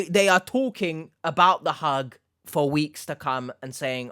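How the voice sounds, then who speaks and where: A man hosting a reaction commentary, sarcastic and mocking, with sudden loud outbursts. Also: on the high side, unhurried, clean tone, no room sound, studio quality. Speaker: commentary host.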